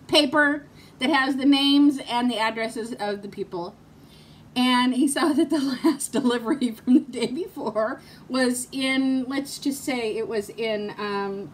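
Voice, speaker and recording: Chatty woman vlogger, fairly high voice. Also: slight background noise. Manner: chatty, laughs often while telling stories. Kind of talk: casual chat vlog with storytelling.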